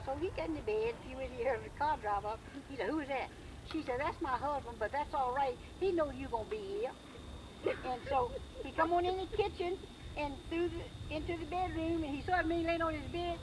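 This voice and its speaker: High-voiced woman telling folksy jokes. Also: rough recording. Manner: folksy drawn-out storytelling. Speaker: family member telling jokes. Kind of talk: casual joke telling at a family reunion. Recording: home video with loud background noise.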